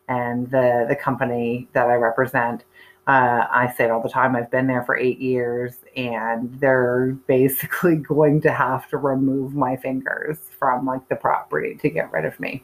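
A woman's voice: extremely low pitch, low-quality recording. A woman, in her thirties or forties, candidly telling a personal story in a chatty way with many fillers and restarts. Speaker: speaker sharing her cancer story.

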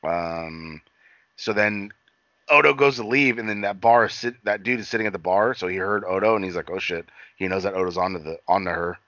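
A man's voice: low-pitched, fairly quick, sharp tone, no room sound, muffled recording. A man casually recapping a TV episode in a rambling, profane chat full of fillers and quoted lines. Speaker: podcast co-host recapping an episode.

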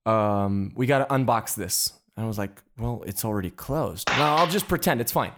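A man hosting a casual interview and telling lively anecdotes about working as a photographer's assistant, with frequent restarts. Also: on the low side, normal speed, noisy background. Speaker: podcast host.

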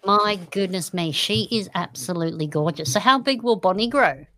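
A woman's voice: mid-range voice, moderate pace, bright, forceful tone. An Australian woman hosting a podcast livestream in a chatty, upbeat way, often giggling. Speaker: podcast host. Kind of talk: casual livestream chat.

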